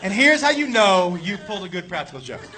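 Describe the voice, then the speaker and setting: A man telling a crude, animated stand-up story on a club stage, shouting his punchlines. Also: high-pitched, brisk. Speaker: stand-up comedian. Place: comedy club stage with laughing audience. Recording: live club recording with crowd noise.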